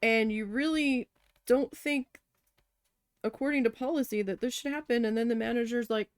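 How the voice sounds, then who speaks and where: Woman, casual crafting chat, exasperated storyteller, fairly high pitch, dry close sound. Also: normal speed, clean tone, dry recording. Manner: chatty, exasperated, swears, acts out quotes. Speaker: craft vlogger.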